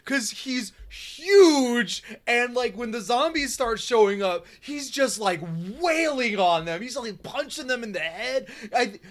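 Lively high-voiced man chatting casually. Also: moderate pace, hardly any pauses. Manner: animated, laughs often, swears casually. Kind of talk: casual movie chat.

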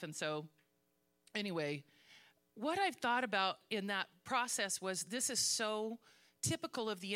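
A woman's voice: mid-range voice, fairly bright tone. A woman preaching a conversational, self-mocking sermon in church and reading scripture aloud. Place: church sanctuary.

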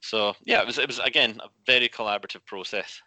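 Guest author, male, low-pitched and sharp-toned, chatty and animated. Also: fast, dry recording. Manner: animated, restarts often, acts out quotes. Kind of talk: casual interview chat.

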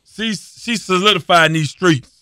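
A middle-aged man hosting a casual sports podcast, animated and self-deprecating, laughing often as he talks. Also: high voice, moderate pace, clean tone, no echo, studio quality. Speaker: podcast host.

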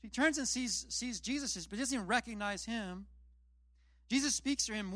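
A man's voice: very high voice, normal speed, fairly bright tone, no echo, clean studio sound. A man preaching a casual sermon, retelling scripture in plain, chatty storytelling with self-deprecating asides. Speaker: pastor.

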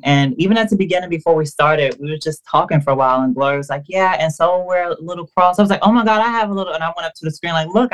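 A woman guest on a podcast, telling a personal story in a casual, animated way, acting out quoted dialogue and using lots of fillers. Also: low voice.

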